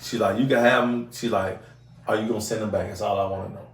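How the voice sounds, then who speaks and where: Male host, animated profane storyteller doing voices; roomy room, mic set back. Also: on the low side, fast, vocal fry. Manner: animated storyteller acting out other people's voices, heavy profanity. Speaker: podcast host. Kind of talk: casual storytelling chat. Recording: roomy sound from a distant mic.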